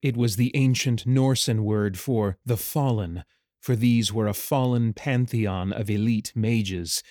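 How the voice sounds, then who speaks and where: A man narrating a fantasy story in a measured, even way, recorded on a close studio mic. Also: fairly low pitch, no echo. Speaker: audiobook narrator.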